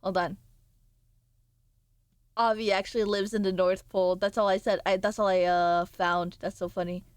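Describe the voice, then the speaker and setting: A woman's voice: medium pitch, flat delivery, moderate pace, pauses often, smooth, no echo. A woman streamer chatting casually with viewers, sleepy and playful, rambling with sudden squeals and mock voices. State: sleepy, yawning.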